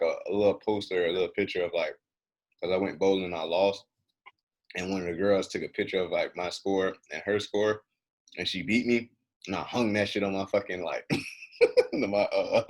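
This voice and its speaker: A man's voice: low voice, normal speed. A young man co-hosting a casual podcast, telling a story with lots of swearing and acted-out quotes. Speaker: podcast co-host.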